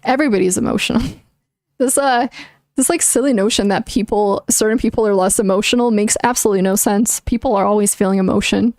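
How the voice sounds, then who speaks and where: A woman's voice: medium pitch, fast, darkish tone, no room sound, studio quality. A young woman streaming, chatting casually with viewers and thinking aloud in an earnest, opinionated way, with many likes and restarts. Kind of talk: casual livestream chat answering viewers.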